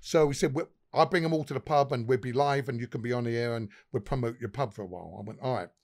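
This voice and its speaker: A man spins long, rambling anecdotes as a guest on a casual podcast. His pitch sits in the ordinary middle range. He swears freely and often stumbles and restarts his sentences. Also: fast. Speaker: pub owner guest.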